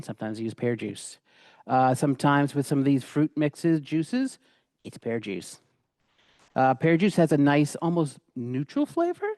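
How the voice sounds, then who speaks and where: A man's voice: medium pitch, a little mellow, dry recording, clean studio sound. A middle-aged man giving a casual, rambling cooking demonstration, with many fillers and restarts. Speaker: cooking instructor.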